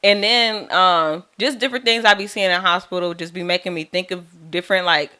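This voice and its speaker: Brief: nurse podcast host, woman, chatty and slangy, low pitch with a bright tone. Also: fairly even intonation, fairly quick, clean tone. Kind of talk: casual chat.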